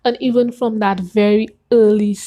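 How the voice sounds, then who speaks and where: A woman telling her personal faith testimony in an earnest, animated way, gasping and acting out what she said back then. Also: mid-range voice, normal speed, highs cut off. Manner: earnest and animated, with gasps and acted-out quotes.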